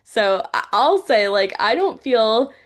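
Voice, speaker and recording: A woman's voice: a little high, animated, slow. Brief: young woman guest, open and chatty, conversational podcast delivery. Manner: chatty, heartfelt, many fillers like "like". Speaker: journalist and news reporter guest.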